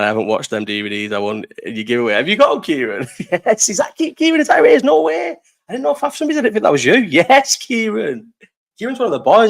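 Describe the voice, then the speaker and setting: Chatty young Lancashire man, swearing and rambling. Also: mid-range voice. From Bolton, North West England. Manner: rambling, swearing, laughs a lot. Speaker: live stream host. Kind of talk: casual chat answering live chat.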